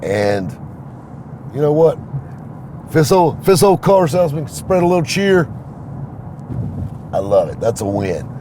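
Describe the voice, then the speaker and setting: A middle-aged man, a used car dealer, casually telling a story to camera in an animated, folksy way. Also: a little high, unhurried, long pauses, a little hiss or hum. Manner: folksy, animated, quotes others in his own voice.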